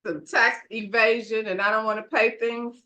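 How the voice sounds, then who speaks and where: High-voiced woman co-host chiming in. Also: steady tone, bright, forceful tone. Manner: quick interjections, laughs often. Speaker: podcast co-host. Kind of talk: casual chat.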